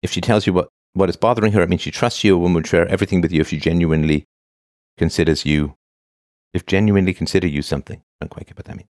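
A man's voice: low-pitched, steady tone, rapid-fire, a little mellow, no echo, studio quality. A man in his fifties casually reading posts aloud and commenting on them, with frequent "uh" and restarts. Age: 50s. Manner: reads a line then comments, with frequent "uh" and restarts.

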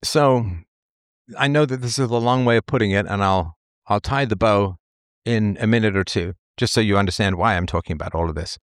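A man's voice: on the low side, a little fast, clear, resonant tone, no echo, clean studio sound. A man delivering an opinion monologue as a commentator, rambling and emphatic, often repeating himself and brushing details aside. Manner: dismissive asides.

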